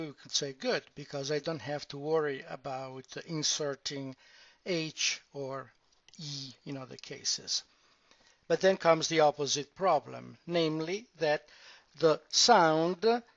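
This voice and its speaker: Slow, deliberate male language teacher. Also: fairly high pitch, fairly bright tone, no echo. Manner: slow, deliberate explanation with drawn-out example words. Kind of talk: grammar lesson at a board. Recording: dull, dry lo-fi sound.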